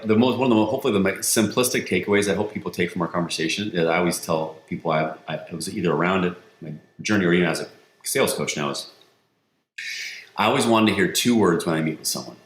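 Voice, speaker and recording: A man who works as a sales coach, talking as a podcast guest in a lively storytelling way and acting out the quotes he tells. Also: low-pitched, fast talker. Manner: energetic storyteller, acts out quotes. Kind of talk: conversational interview. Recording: roomy echo.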